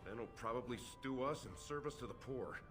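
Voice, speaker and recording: An actor playing a young male street thug sidekick who rambles in a wry, dark way. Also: medium pitch, fairly quick, lightly acted. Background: game music.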